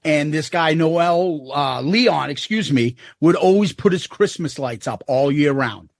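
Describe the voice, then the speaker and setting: A man's voice: a little high, unhurried, no room sound, studio quality. A man co-hosting a podcast, rambling and joking as he talks through his favorite songs in casual chat. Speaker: podcast co-host.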